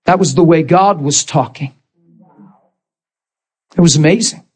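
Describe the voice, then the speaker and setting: A man's voice: fairly high pitch, measured pace, husky. A man preaching in a sermon, telling a personal story with emphatic, dramatic bursts. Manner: emphatic, dramatic retelling with sudden loud bursts.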